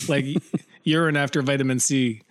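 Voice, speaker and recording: A man's voice: medium pitch, steady tone, dry recording. Chatty man with a dry close sound. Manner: rambling, laughs often, slows down to drag out a joke. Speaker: podcast co-host. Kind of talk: casual chat.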